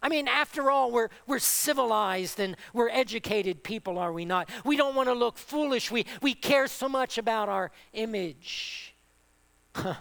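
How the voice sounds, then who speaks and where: A man's voice: very high voice, lively intonation, moderate pace, vocal fry, a bit bright. A man preaching a sermon with passion, building through repeated phrases and rhetorical questions.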